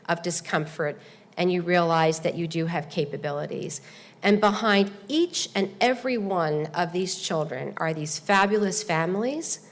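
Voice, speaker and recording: A woman with a lowish voice gives a formal, earnest speech to a seated audience. She tells her story at a measured pace, with pauses and small fillers. Her voice echoes with a long reverb through a large hall. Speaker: event host and presenter. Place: large hall at a speaking seminar.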